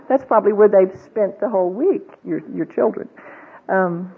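A woman's voice: medium pitch, slow pace, a little hiss or hum. A woman giving a conversational Bible teaching to a women's group, asking the audience questions and acting out the voices she quotes. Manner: acts out quoted voices, with fillers and restarts. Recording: tinny, phone-like old recording.

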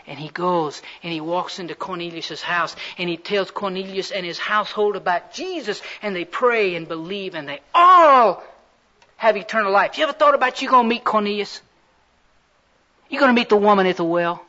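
A man's voice: high voice, expressive, moderate pace, bright, forceful tone. A man preaching a sermon in a fervent, folksy storytelling way. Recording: slightly muffled recording.

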